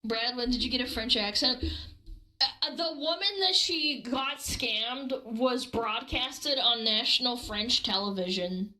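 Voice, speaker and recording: High, giggly woman streamer. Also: unhurried, rough recording. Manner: loud, giggly exclamations, crude jokes. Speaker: streamer reacting to a video. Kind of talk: casual stream reaction.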